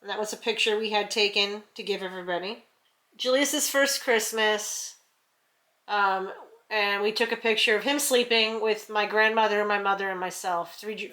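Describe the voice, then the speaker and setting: A middle-aged woman from the New York area telling a family story at home in a chatty, animated way, full of fillers and restarts. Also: medium pitch. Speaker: vlogger. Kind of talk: casual storytelling.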